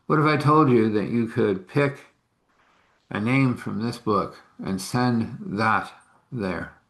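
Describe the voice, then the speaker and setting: A man's voice: medium pitch, slow, fairly bright tone. A man telling of a coaxing stranger offering a deal. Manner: persuasive, coaxing. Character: smooth-talking male stranger offering a shady deal.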